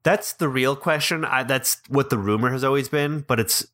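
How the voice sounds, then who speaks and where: A man's voice: mid-range voice, normal speed, fairly bright tone. A man co-hosting a casual film discussion, blunt and opinionated, often trailing off and rephrasing mid-thought.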